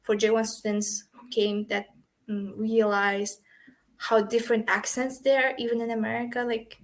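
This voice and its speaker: A woman's voice: on the high side, moderate pace. Young woman telling stories with lots of "like". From Kazakhstan. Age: 20s. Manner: animated, laughing, acts out quoted exchanges; non-native English, frequent "like" fillers. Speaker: guest. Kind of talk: casual interview storytelling.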